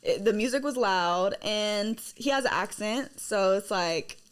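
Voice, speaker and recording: A woman's voice: medium pitch, a little slow, smooth. A woman in her twenties, a guest on a casual podcast, talking chattily with lots of fillers and giggles. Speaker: guest, singer and model.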